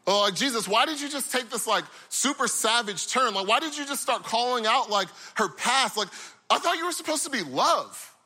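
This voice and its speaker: Young male pastor, high bright voice, animated sermon delivery that acts out the characters. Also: a little fast, breathy edge. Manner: animated storytelling, voicing characters with big pitch swings.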